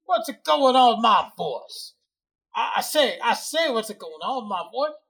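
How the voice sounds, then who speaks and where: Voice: medium pitch, expressive, moderate pace, a bit bright, slightly rough. A player voicing a blustery male alien warrior with a put-on American Southern drawl, who repeats himself and calls people "boy". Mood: indignant.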